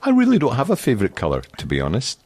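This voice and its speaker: A man with a Scottish accent co-hosting a podcast in casual chat, joking and deadpan with rambling asides, on a handheld mic. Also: mid-range voice, racing, slightly rough, no room sound. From Scotland. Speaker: podcast co-host. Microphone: handheld microphone.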